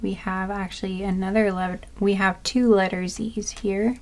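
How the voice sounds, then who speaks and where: A woman doing a slow, soft-spoken pick-a-card reading, listing charms one by one with small asides. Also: medium pitch, level tone. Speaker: tarot card reader.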